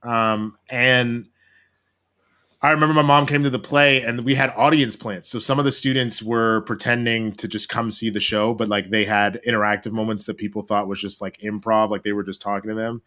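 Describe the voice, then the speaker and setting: A man from Texas, a guest actor, chatting casually on a video call and telling animated, profane stories. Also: fairly low pitch, normal speed.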